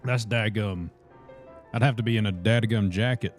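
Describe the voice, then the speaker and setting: A laid-back man with a deep, low voice chats with his viewers as he plays a game on a livestream. He rambles in a friendly way and answers questions from the chat. Quiet music plays behind him. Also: moderate pace. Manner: relaxed, chatty, reads chat and greets viewers as brothers. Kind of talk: casual gameplay livestream chat.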